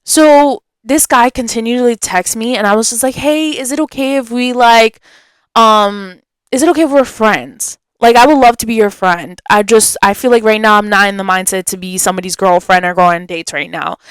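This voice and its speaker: A young woman hosting a podcast, telling a story in a chatty, animated way and acting out what people said. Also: a little high, a little fast, clean tone, dry recording. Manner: animated, chatty, acts out quotes. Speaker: podcast host. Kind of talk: casual storytelling.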